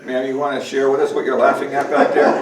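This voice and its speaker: A man's voice: mid-range voice, very noisy. A male folk musician chatting and joking with the audience between songs at a library concert. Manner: joking, chatty, teasing the crowd. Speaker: folk musician performing live. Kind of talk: stage banter with the audience. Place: library performance room, indoors. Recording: roomy hall, distant mic, guitar playing.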